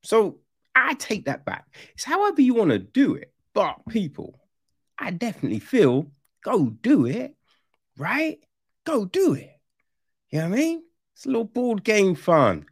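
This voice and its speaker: Reviewer, slow-paced but swingy delivery, dry close sound, casual and sweary. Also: mid-range voice, slightly rough, dry recording. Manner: animated, swearing, acts out reactions. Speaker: film reviewer.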